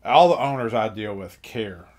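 Deep-ish guy hosting, quick dry comebacks. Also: expressive. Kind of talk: casual chat.

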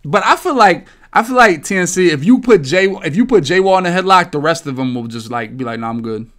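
A man's voice: high-pitched, a little fast. Gaming podcast guy, swears a ton, rambles, voice jumps all over. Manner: profane, rambling, animated storytelling. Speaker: podcast host. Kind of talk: casual gaming podcast chat.

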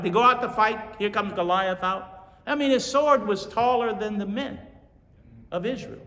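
Brief: pastor, slightly high voice, lively storytelling sermon, miked from a distance. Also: male voice, normal speed. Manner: animated storytelling, repeating lines for emphasis. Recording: echoey hall from far off.

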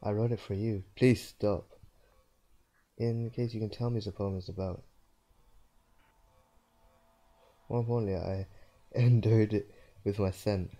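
A man's voice: on the low side, fairly even intonation, normal speed, warm tone, natural voice. A man putting on a voice for an obsessive, shy yandere schoolgirl with a clingy, unsettling sweetness. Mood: eager. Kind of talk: let's play voice reading.

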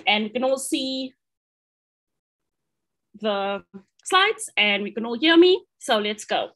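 Her voice sits on the high side and is a bit bright, animated but slow, with many pauses. She's a South African woman and astronomer with a South African accent, giving a friendly, upbeat online seminar from a home or office in Amsterdam, peppered with ums and restarts.

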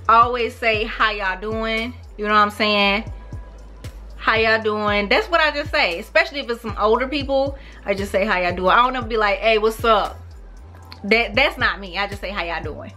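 A woman in her thirties with a St. Louis accent, chatting casually to camera in a relaxed, slangy way. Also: fairly high pitch, normal speed, faint music behind. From St. Louis, USA. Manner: relaxed, slangy, animated with laughs. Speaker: YouTuber. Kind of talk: casual vlog, talking to camera.

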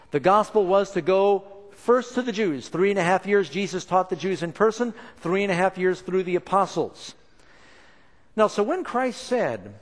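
A man preaching a sermon in a lively, expressive way, acting out the lines he quotes. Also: sits high, normal speed. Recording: long reverb of a large hall.

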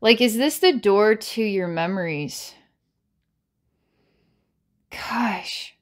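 A woman in the middle of a psychic reading, her voice at an ordinary middle pitch. She talks in looping, repetitive phrases with frequent restarts and bursts of laughter. She shifts between dramatic challenges and gentle coaxing. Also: lively intonation, extremely slow. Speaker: psychic reader. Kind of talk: channelled psychic reading to camera.

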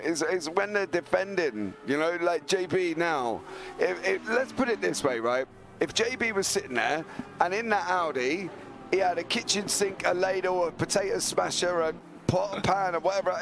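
A man with a hoarse, croaky voice calls a live sim race with a slightly raised pitch. He spins long jokey comparisons while engine noise roars loudly behind him. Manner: jokey, rambling comic tangents. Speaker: co-commentator. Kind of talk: live sim racing commentary.

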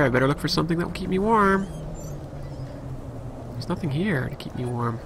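Gravelly man narrating his gameplay. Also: fairly high pitch, expressive, brisk, noisy background. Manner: chatty, thinking aloud, mock outrage. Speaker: let's play commentator. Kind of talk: casual gameplay commentary. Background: game music.

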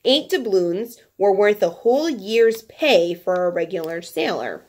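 A woman's voice: medium pitch, very animated, a little slow, a little mellow. A woman teacher reading a children's nonfiction book aloud to her class, breaking off for chatty, playful asides.

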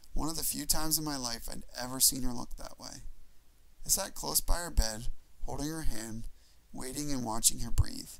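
Hombre que lee unas memorias en audiolibro, voz rasposa, tono medio, lectura pausada. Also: male voice, medium pitch, bright, forceful tone, poor audio. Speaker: audiobook reader. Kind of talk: memoir audiobook narration.

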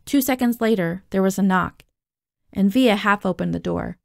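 A woman reads a novel aloud in an expressive first-person narration. Her voice is gravelly, with a mid pitch. The sound is dry and close. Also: normal speed, no echo. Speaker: audiobook reader.

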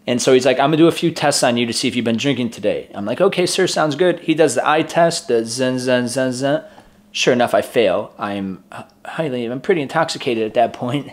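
A man's voice: mid-range voice, moderate pace. A man in his twenties telling a personal story in a casual way, laughing often and acting out the voices of the people in it. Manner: chatty, laughs often, acts out quoted voices. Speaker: vlogger.

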